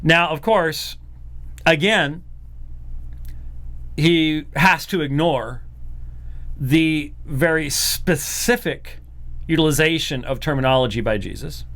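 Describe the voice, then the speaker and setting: A man's voice: on the high side, slow, long pauses, fairly bright tone. A man hosting a commentary program who talks casually and mimics other voices in the middle of sentences. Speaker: host of apologetics program.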